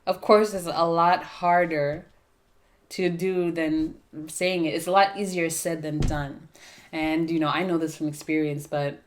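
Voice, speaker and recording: A woman's voice: sits low, a little hiss or hum. A woman giving a casual tarot and astrology reading, chatty and thinking aloud, often checking in with "right?". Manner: lists keyword traits in a slow steady run. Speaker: tarot reader.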